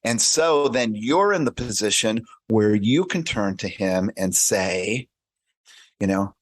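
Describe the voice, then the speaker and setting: A man speaking as a coach in a casual podcast interview, animated and acting out little dialogues, with many restarts and repeated words. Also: on the low side, slow pace. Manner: animated, acts out little dialogues in shifting voices. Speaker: career and life coach guest.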